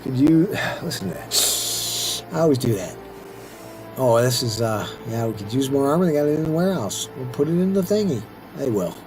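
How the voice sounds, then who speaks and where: Middle-aged male let's-play host, mid-pitched, rambling casual commentary, faint music behind. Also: animated, moderate pace. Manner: rambling, chatty, talks to himself while playing.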